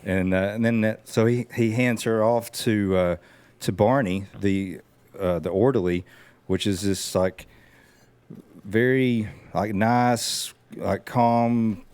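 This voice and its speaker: Deep, smooth man telling film stories. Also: takes it slowly, no room sound. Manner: relaxed storytelling with many fillers. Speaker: podcast co-host. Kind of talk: casual chat.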